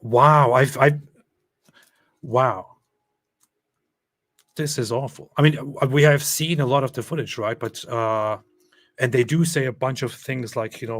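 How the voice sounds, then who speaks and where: A man's voice: medium pitch, a little slow, long pauses, fairly bright tone, no echo. A man hosting a live stream, reading out chat messages and reacting to clips with sarcastic, chuckling commentary.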